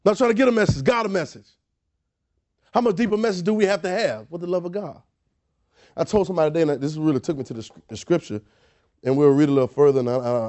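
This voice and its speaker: A man's voice: fairly high pitch, darkish tone. A man preaching a sermon, emphatic and repetitive, asking rhetorical questions and often restarting his words. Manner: frequent word repetitions and restarts.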